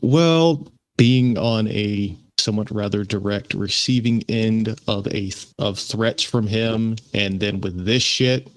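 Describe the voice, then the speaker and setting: Sardonic low-voiced man, dry sound. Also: slow, few pauses, no room sound. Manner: pointed, sardonic. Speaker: stream panelist.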